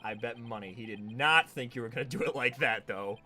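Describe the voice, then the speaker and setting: A man hosting a game playthrough, joking loudly and swinging between mock outrage and laughter. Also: mid-range voice, brisk, slight background noise. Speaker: let's play host. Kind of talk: casual gameplay banter.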